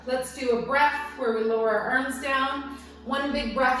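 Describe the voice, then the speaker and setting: A woman teaching a guided yoga class, giving gentle, encouraging cues with playful asides, a little out of breath. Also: high voice, fairly even intonation, normal speed. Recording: very echoey room, voice from a distance, soft music behind.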